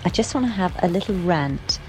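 Woman, voice note rant, exasperated, lowish lively voice, music in background. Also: fairly quick, low-quality recording. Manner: exasperated, emphatic rhetorical questions. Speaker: listener sending a voice note. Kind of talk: ranting voice message.

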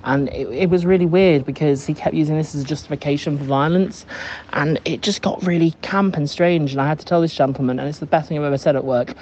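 A man telling an amused story in a voice note. His voice is mellow and dark, and the lo-fi recording sounds dull with a faint hiss behind him. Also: on the high side, quick pace. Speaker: caller leaving a voice note. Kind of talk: recorded voice message.

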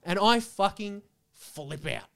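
A young man with a fairly high-pitched voice, co-hosting a casual podcast. He tells a story full of swearing with animated, rambling energy. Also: takes it slowly, gravelly. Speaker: podcast co-host.

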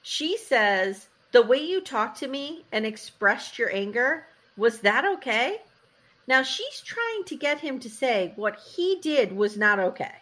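This woman recaps a reality show on a casual podcast, telling it as a lively story. She acts out the quotes and says "like" a lot. Her voice sits a bit high. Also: measured pace. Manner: animated storytelling, acting out quotes, frequent "like". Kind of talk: casual chat.

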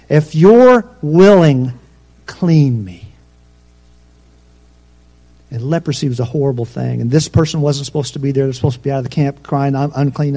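A pastor preaching a sermon, swinging between loud emphatic peaks and soft, low asides. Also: male voice.

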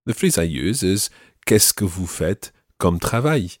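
A man teaching French phrases in a calm studio voice, repeating each phrase slowly and clearly. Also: deep voice, dry recording. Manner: slow careful repetition of phrases. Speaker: language teacher.

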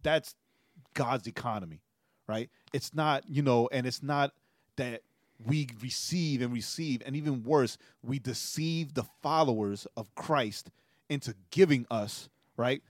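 A man's voice: mid-range voice, a little slow, dry recording, clean studio sound. A man co-hosting a podcast in a casual chat, telling stories and tagging nearly every sentence with a questioning "right?". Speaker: podcast co-host.

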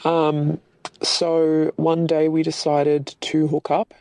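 A woman sharing a secret as a listener in a voice message, hesitant with many pauses. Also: low-pitched, monotone, dark tone, poor audio.

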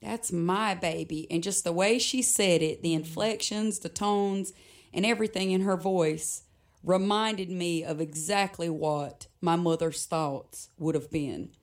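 A woman's voice: fairly low pitch, unhurried. A woman guest, a musician, telling a personal story in conversation, reflective and often laughing between sentences.

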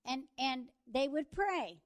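A woman preaching a sermon, telling a story and building to fervent shouts. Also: high-pitched, animated, slow pace.

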